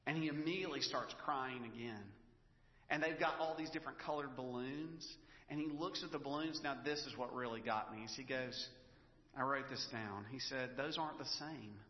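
A man preaching to his congregation, talking it through in a relaxed, storytelling way. His voice rings out in a large, echoey church hall with a long reverb tail, and the recording sounds a bit dull and lo-fi. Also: mid-range voice, normal speed. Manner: conversational, storytelling, emotional at times. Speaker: pastor. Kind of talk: sermon.

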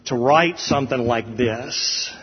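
A middle-aged man preaches with earnest conviction, building to emphatic peaks. His voice has a slightly husky edge. The sound is dull and carries the long echo of a church hall. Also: medium pitch, slow. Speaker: pastor. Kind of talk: sermon.

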